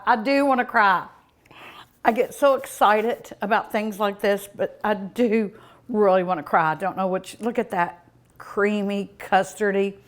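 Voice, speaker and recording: A woman hosting a cooking show, tasting food in casual commentary, savoring each bite with delighted hums and exclamations. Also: mid-range voice.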